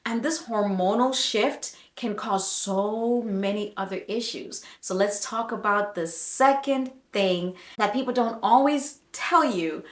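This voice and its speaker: Slow-talking woman nurse in an echoey room. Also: fairly high pitch, a bit bright. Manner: chatty and emphatic, speaks straight to the viewer. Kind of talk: casual health advice vlog.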